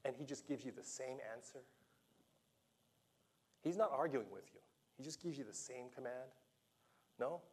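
A man preaching a sermon to a congregation, animated and playful, acting out the dialogue of the scripture story with laughs and asides. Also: mid-range voice, moderate pace, pauses often, husky. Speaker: pastor.

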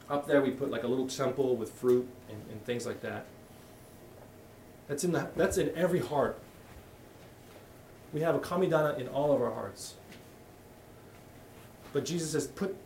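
This middle-aged pastor delivers a sermon in a church hall with a darkish, mid-range voice, talking in a frank, conversational way and often starting sentences over. Recorded from afar in an echoey space, the audio carries a little hiss or hum.

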